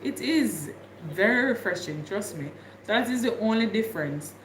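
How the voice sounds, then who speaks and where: A woman's voice: mid-range voice, expressive, moderate pace, roomy sound, slight background noise. A woman from Jamaica with a Jamaican accent, chatting casually with viewers on her livestream and laughing often. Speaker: livestream host.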